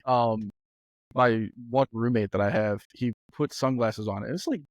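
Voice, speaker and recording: A man's voice: medium pitch, a little slow, no room sound. A man in his thirties co-hosting a podcast in a studio, telling stories in a laid-back way and laughing often. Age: 30s. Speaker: podcast co-host. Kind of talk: casual chat. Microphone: studio mic.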